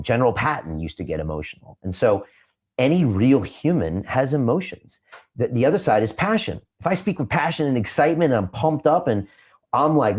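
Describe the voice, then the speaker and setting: A man answering interview questions, emphatic and repeating his points for punch, sometimes turning quiet and reflective. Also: medium pitch. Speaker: podcast host being interviewed.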